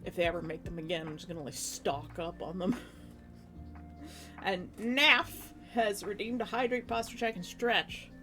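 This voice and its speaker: Chatty woman streamer, lowish voice. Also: steady tone, brisk, soft background music. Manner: chatty, rambling, frequent laughs and restarts. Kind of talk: casual chat with stream chat.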